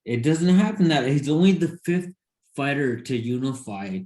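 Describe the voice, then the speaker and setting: A man co-hosting a sports podcast talks in excited, rambling bursts. His voice sits in the middle range. The sound is roomy, with a clear echo. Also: mid-range voice, normal speed. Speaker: boxing podcast co-host. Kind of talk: casual sports chat.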